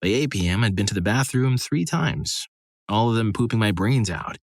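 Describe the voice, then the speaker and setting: A man with a fairly low voice reads one short story after another in a steady, even narration. The sound is close and dry, with no room around it. He keeps a scripted storytelling pace throughout. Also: moderate pace, no room sound. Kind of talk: scripted narration of reader stories.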